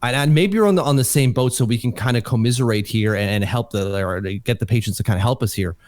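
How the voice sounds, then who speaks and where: A man co-hosting a hockey podcast, excitable and casual, often restarting his sentences and swearing now and then. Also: mid-range voice, fast talker, no room sound, clean studio sound. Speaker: podcast co-host.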